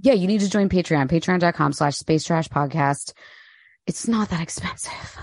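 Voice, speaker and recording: A woman's voice: lowish voice, moderate pace, darkish tone, no room sound, clean studio sound. A young adult woman co-hosting a podcast in casual chat, blunt and heated, swearing freely. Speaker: podcast co-host.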